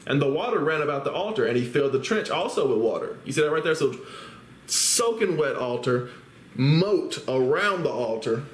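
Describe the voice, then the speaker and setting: His fairly high, animated voice moves at normal speed as he reads scripture and then talks it through casually. Tag questions keep pulling listeners in, and the sound carries a roomy echo.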